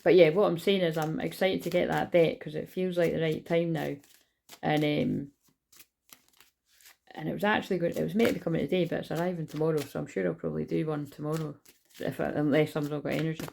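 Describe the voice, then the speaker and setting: Rambling low-voiced woman, gravelly. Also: steady tone, fast talker, a little mellow, slight background noise. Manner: rambling, chatty, swears freely. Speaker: tarot reader. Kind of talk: casual spiritual tarot reading.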